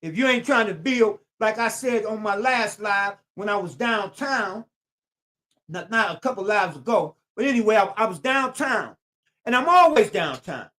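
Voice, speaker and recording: A man's voice: sits high, lively intonation, moderate pace, bright, forceful tone. A man speaks on his own live stream. He repeats his phrases over and over with a preacher's emphasis. Now and then he breaks off to greet viewers by name. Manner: talks straight at viewers and greets them by name.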